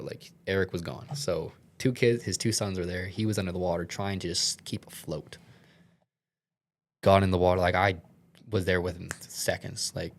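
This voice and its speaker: A man's voice: low-pitched, slight background noise. A young man, a podcast guest, telling a story in a casual, rambling way with many filler words and some swearing, earnest and shaken.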